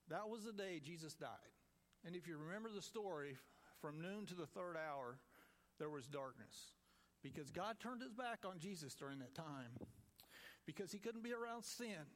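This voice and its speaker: A man delivers a relaxed, informal sermon. His voice sits slightly higher than most men's. He talks in a homespun, conversational way and jokes easily with his listeners. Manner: folksy, conversational, jokes with the audience. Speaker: lay preacher with a farm group.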